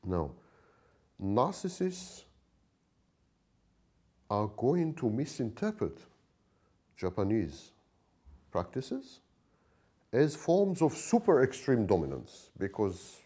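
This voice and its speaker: A man answering an interview question in a lecturing tone, with frequent pauses and restarts. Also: mid-range voice, huge pitch swings, warm tone, husky. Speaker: interview guest.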